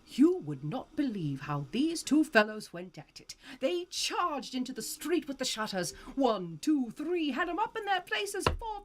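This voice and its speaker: A woman streamer giving a live, expressive reading of a classic novel. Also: high-pitched.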